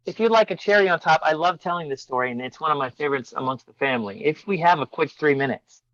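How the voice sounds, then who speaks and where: Guy telling a story on a podcast, lively, does little voices, dry muffled sound. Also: on the high side, quick pace, no echo. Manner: animated storyteller, acts out voices. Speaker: podcast guest. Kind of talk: casual storytelling.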